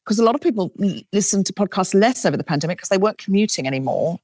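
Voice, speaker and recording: A woman from Australia with a British accent with a faint Australian trace, talking as a guest comedian in an animated, self-deprecating way. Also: mid-range voice, rapid-fire, no echo, clean studio sound. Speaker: comedian and podcast host, guest. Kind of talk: casual interview talk.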